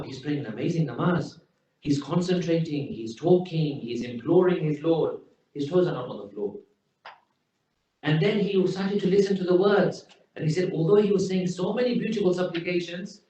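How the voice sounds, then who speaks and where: A man's voice: on the high side, darkish tone. A man preaching a sermon in a mosque, telling stories emphatically and quoting Arabic phrases. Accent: British English. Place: mosque hall. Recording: very echoey, distant, dull hall recording.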